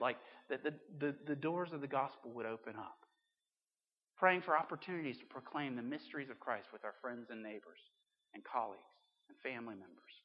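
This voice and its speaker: A pastor preaching a sermon in a conversational way, with emphatic swings between loud and quiet. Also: male voice, a little high. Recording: dull sound with long hall reverb.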